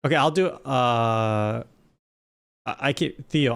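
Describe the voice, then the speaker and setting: A young man streaming live, chatting casually with his viewers while gaming, animated and rambling with restarts. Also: mid-range voice, a little slow, vocal fry. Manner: animated, talks straight to chat, rambling with restarts.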